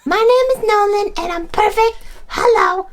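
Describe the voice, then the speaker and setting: A woman voicing a mother cooing at her baby son in high sing-song baby talk. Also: measured pace.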